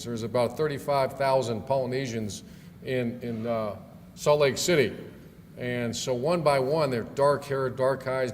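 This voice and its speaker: A middle-aged man, a football coach, telling stories in a speech at a club event, folksy with fillers and restarts. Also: medium pitch. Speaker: guest speaker, football coach. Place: banquet hall. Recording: long hall reverb, faint room noise.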